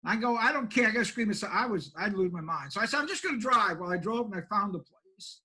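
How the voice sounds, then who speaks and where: An older man spins a folksy yarn as a country pastor, plainspoken and quick to poke fun at himself. His voice sits high for a man and rings bright and clear. He talks like a down-home storyteller sitting across from an interviewer. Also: expressive, rough recording. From Maine, USA. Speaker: pastor and homeless shelter director.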